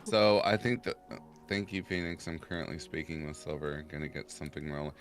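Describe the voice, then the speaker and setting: A man with an extremely deep voice talks loosely on a live stream, telling stories and laughing along with them. He's a guest in a relaxed chat with faint music underneath. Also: brisk. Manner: rambling, laughs at own stories. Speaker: podcast guest. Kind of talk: casual chat.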